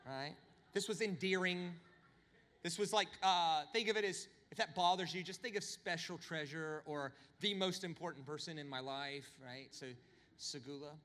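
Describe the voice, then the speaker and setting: A man preaching a sermon, telling humorous stories with animated, swinging delivery. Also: normal speed, big-room sound. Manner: animated, humorous storytelling with big pitch swings. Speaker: pastor.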